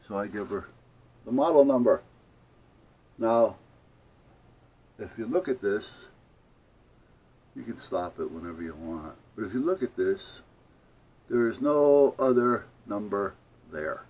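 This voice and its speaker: A man's voice: lowish voice, unhurried, long pauses. Indignant older man ranting a story. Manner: indignant, animated storytelling, acts out both sides of a phone call. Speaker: vlogger. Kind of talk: casual ranting story to camera.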